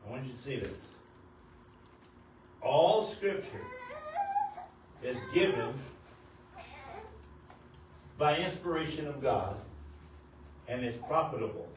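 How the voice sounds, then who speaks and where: An older man, married nearly fifty years, preaching a sermon as pastor, at times rising to shouts. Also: mid-range voice, animated, slow, long pauses. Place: church sanctuary. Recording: very echoey church hall, distant mic, noisy.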